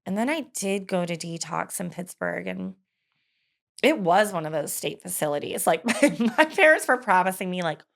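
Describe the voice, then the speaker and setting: A woman's voice: lowish voice, lively intonation, normal speed, gravelly. A woman in her thirties telling her personal story in an interview, candid and hesitant, with frequent fillers and laughs. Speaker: guest.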